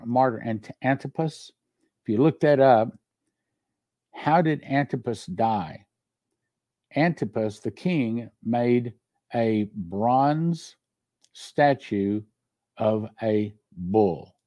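A man's voice: medium pitch, darkish tone, no room sound. A male pastor delivering a sermon, telling stories earnestly and reading scripture aloud. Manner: earnest storytelling preacher, reads scripture aloud.

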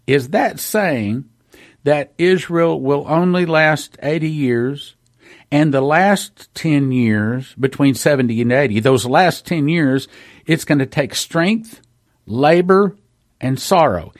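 A man giving an informal Bible-prophecy broadcast. He talks earnestly, repeats words for emphasis, asks rhetorical questions and reads scripture slowly and deliberately. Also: a little high, no room sound, studio quality.

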